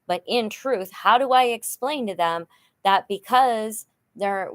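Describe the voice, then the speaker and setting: A woman's voice: on the low side, a bit bright. A middle-aged woman talking frankly in a personal vlog, rambling with many fillers and sounding frustrated and worn down. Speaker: vlogger.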